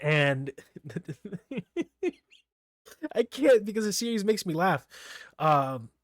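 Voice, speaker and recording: A manga reviewer recaps chapters in a casual solo talk, his voice high and animated as he takes it slowly. He rambles, laughs often and stumbles over names, and the recording is studio quality with no room sound.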